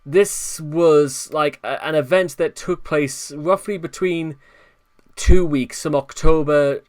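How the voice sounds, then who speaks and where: A man's voice: a little high, smooth. A man hosting an online commentary video, reading notes and breaking off in exasperated, rambling asides. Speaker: commentary channel host.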